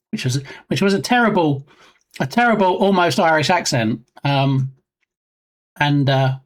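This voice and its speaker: A live-stream host chatting casually and joking with viewers, reading out viewer names as they go. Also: measured pace. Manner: lively swings in pitch. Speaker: livestream host.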